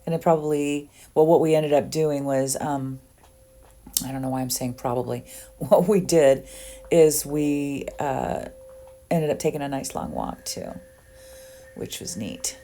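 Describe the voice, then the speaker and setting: Low, mellow-voiced woman in her sixties. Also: measured pace, long pauses. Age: 60s. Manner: chatty and rambling, with frequent ums and asides. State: under the weather. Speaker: beauty vlogger. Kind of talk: casual get-ready-with-me makeup tutorial.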